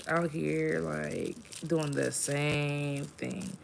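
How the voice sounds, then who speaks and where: A woman's voice: deep voice, fairly even intonation, unhurried, vocal fry, a little mellow, slight background noise. A woman giving a casual spiritual pep talk as a vlogger, blunt and profane, rambling with lots of fillers.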